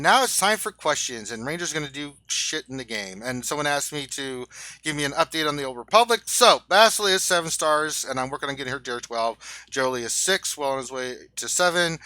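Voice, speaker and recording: Male stream host, bright crisp voice, playful joker, dry close mic. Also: medium pitch, dry recording. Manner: joking, playful, trailing off quietly. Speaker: livestream host. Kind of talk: casual livestream chat.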